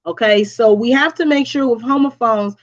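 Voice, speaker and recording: A woman teacher giving a recorded lesson, speaking slowly and deliberately, spelling words out letter by letter and checking in with "okay?" often. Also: a little high. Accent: Southern US. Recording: dull lo-fi recording.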